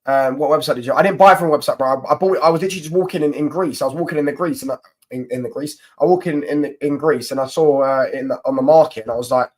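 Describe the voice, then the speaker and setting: A man's voice: a little high, racing, low-quality recording. Slangy young streamer, man. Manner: slangy, excitable, shouts out viewers. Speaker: football livestream host. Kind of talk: casual livestream chat.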